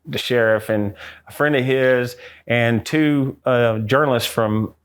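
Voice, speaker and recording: A middle-aged American man, a guest on an interview, telling a ghost story with lively acted-out quotes. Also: mid-range voice, slow, clear, resonant tone. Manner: acts out quotes in a raised excited voice.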